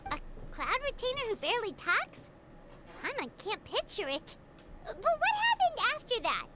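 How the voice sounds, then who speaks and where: A woman voicing a small, chirpy, curious fairy companion in a video game, asking excited questions. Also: extremely high pitch, normal speed, very noisy, heavily acted.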